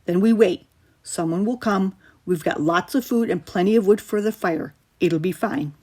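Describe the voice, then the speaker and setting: A woman voicing a protective older brother giving firm orders in a steady voice. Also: medium pitch, moderate pace, close to an everyday voice. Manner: commanding, steady. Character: bossy eldest boy, protective big brother.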